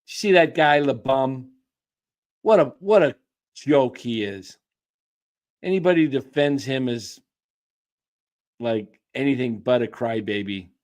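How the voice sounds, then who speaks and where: A man's voice: medium pitch, a little slow, pauses often, a little mellow. A man ranting scornfully about a sports player to his viewers. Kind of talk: casual sports rant.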